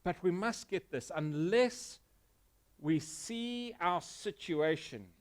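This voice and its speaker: A South African pastor preaches to his congregation in an earnest, emphatic way. His voice sits a little high for a man. He often sinks into low, quiet stretches to press a point home. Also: animated, slow pace. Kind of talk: sermon. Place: church.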